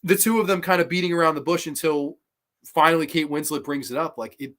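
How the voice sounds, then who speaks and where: Male vlogger, somewhat high voice, heartfelt rambling movie talk with restarts and swearing. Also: fairly quick, fairly bright tone. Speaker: movie review channel host. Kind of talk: casual spoken movie commentary.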